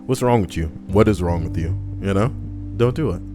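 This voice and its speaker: A man's voice: low voice, fairly quick. A man reading stories on a live stream, casual and profane, breaking off for wry asides to his chat. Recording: background music playing.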